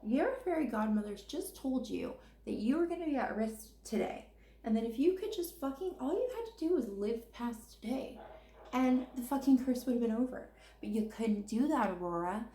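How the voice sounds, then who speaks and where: Gravelly, profane ranting woman. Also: fairly high pitch, animated, moderate pace, warm tone, echoey room, slight background noise. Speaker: makeup vlogger. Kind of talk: casual rambling chat while doing makeup.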